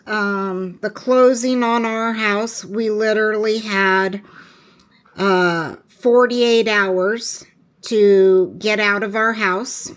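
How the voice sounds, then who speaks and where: Slow-talking chatty woman vlogger. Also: mid-range voice, fairly bright tone, clean tone. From Washington State, US. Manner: chatty, rambling with many fillers and restarts; slow, unhurried talk. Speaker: planner vlogger. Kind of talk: casual chat while planning.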